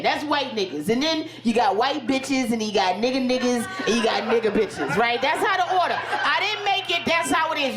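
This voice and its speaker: A woman comedian doing a stand-up set, telling a story loudly and profanely with big swings in her voice. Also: high voice. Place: comedy club stage before a laughing audience. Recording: echoey live venue with loud crowd noise.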